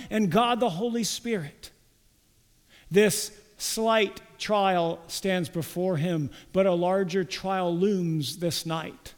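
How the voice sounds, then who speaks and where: A man delivers a sermon in a high, unhurried voice, weighing each phrase and pressing on quoted lines. The sound rings with the long reverb of a large church hall. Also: a little mellow. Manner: slow, deliberate preaching with emphatic quoted lines. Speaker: pastor.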